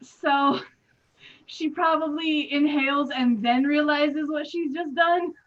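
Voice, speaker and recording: A woman player in a tabletop game speaks slowly in a high voice, hesitant and laughing. Her mic sounds dull and lo-fi. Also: steady tone. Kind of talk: casual role-play chat.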